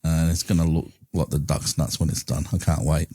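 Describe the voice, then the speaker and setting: Male podcast host, low pitch, dry booth sound, relaxed chatty delivery. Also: a little fast, slightly rough, dry recording. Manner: chatty, laughs easily. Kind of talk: casual chat.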